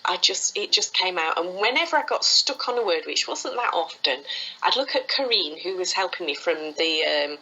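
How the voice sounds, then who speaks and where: Here is a fast-talking Englishwoman with a bright, forceful voice, chatting animatedly as an interview guest. Her audio sounds dull and lo-fi. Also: lowish voice, expressive, slightly rough. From England. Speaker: guest, foot reading teacher. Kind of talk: conversational storytelling interview.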